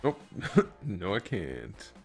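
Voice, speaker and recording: With faint music behind him, a low-pitched man draws out his words, his pitch swooping wildly, his tone a little mellow and slightly rough. He's live-streaming work on a toy figure, muttering his thoughts aloud in casual chat and joking with viewers.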